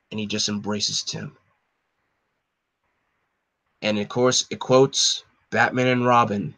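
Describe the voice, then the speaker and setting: A man's voice: medium pitch, steady tone, measured pace, long pauses, fairly bright tone. A young man hosting a live comic reading, talking casually and hesitantly with fillers. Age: young adult. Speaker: host reading a comic aloud.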